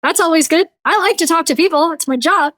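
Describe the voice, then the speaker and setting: Brief: high-pitched woman guest, blunt and animated, slips into quoted voices, dry close sound. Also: quick pace, dry recording. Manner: blunt, joking. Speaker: guest brand consultant. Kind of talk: casual interview talk.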